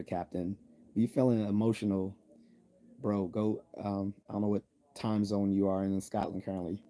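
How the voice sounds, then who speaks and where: A man's voice: fairly low pitch, flat delivery, normal speed, warm tone. A man from the United States hosting a live stream, reading viewer chat aloud and answering bluntly with jokes and laughs. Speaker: livestream host reading chat.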